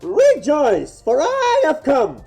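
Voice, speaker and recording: A man's voice: very high-pitched, huge pitch swings, slow, gravelly, a little mellow, soft background music, pitched above the performer's own voice, heavily acted. A man voicing a scornful, teasing young woman with mocking, theatrical disdain, while reading game dialogue aloud. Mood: cheerful.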